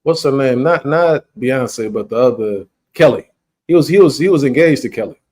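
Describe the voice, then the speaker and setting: Male podcast host, mid-pitched, casual rambling storyteller. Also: expressive, normal speed, a little mellow. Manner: rambling, laid-back storytelling with frequent "you understand".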